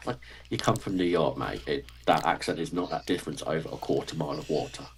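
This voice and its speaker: A man's voice: rumbling low, fast, slightly rough. A British man from the United Kingdom chatting casually with dry, teasing humor. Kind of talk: casual chat.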